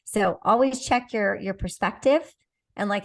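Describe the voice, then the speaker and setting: Gravelly-voiced woman coaching with energy. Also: mid-range voice, measured pace. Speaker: podcast guest, business coach. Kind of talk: motivational conversation.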